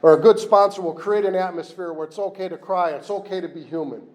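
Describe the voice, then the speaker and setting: A man's voice: high voice, steady tone, fast. Candid, rambling man at a recovery meeting. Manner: candid, rambling, self-deprecating with restarts. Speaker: AA speaker. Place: meeting room with a fan.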